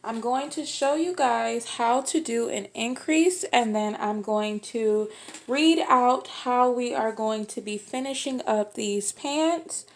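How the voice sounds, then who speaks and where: Slow-talking woman teaching crochet. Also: a little high. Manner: patient, repeats steps slowly with fillers. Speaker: crochet tutorial host. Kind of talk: step-by-step craft tutorial.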